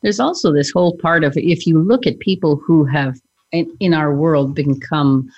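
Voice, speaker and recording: A woman with a low-sitting, darkish voice speaks at a moderate pace, with no room sound and the highs cut off. She is a hypnotherapist co-hosting a podcast, talking earnestly in casual chat about her work and drawing on her experience with clients.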